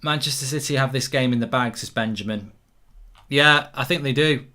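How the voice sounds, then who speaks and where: A man hosting a live football watchalong, reacting excitably to the play and reading out viewer comments. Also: medium pitch, moderate pace. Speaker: host.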